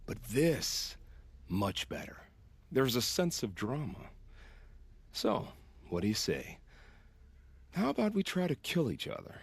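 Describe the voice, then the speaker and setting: A man's voice: medium pitch, huge pitch swings, unhurried, gravelly, long pauses, breathy edge, dry recording, heavily acted. An actor playing a theatrical male hunter in a video game who relishes the thought of a fight to the death. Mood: relishing. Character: bloodthirsty male hunter craving a duel.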